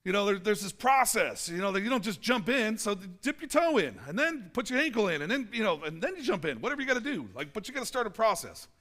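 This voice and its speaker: Animated high-voiced male pastor preaching. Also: fast talker, hardly any pauses. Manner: animated, playful, acts out little scenes and quotes. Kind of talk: sermon. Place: church.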